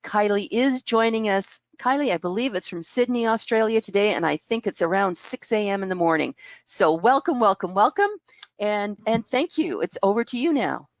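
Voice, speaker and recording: A woman's voice: medium pitch, animated, normal speed, no echo. A woman hosting a webinar, reading a guest's bio and welcoming her in an upbeat way over a video call. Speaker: webinar host. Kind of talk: webinar introduction.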